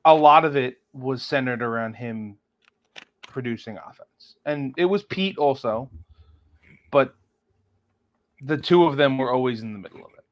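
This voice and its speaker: A man co-hosting a podcast, talking through sports numbers analytically, often stopping and restarting his sentences. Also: mid-range voice. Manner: analytical, halting with frequent restarts. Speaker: podcast co-host. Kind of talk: casual sports chat.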